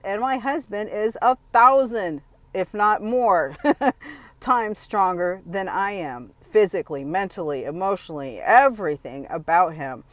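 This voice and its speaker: A woman's voice: medium pitch, no room sound. A woman talking to camera in a casual, opinionated monologue, blunt and emphatic, often restarting her sentences. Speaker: vlogger.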